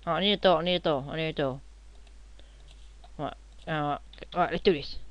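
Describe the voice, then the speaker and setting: A young man, rambling and joking as he narrates his own computer game, now and then shouting at enemies. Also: on the high side, normal speed, dry recording, highs cut off. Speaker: gamer playing on video. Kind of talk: casual game commentary.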